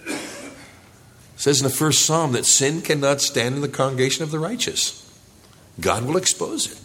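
A male pastor preaching a sermon in church, earnest, rising for emphasis and dropping low and quiet. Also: measured pace, long pauses, a little hiss or hum.

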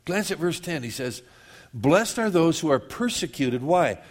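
A man preaching a sermon, slowing down for scripture and rushing through quick asides. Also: a little high, very animated. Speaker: pastor.

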